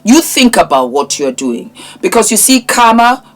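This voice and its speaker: A woman's voice: fairly high pitch, sing-song, moderate pace, noisy background. A middle-aged woman, giving impassioned, preachy commentary as a vlogger and scolding a man directly. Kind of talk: impassioned social media commentary.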